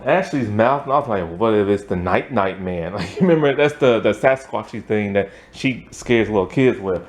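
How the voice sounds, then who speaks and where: A man runs through a film's plot in a loose, chatty recap, filling his sentences with "like" and "um" and chuckling along the way. His pitch sits in a middle range but swings up and down freely as he tells the story. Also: darkish tone. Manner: rambling, full of "like" and "um", chuckles often. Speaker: film reviewer.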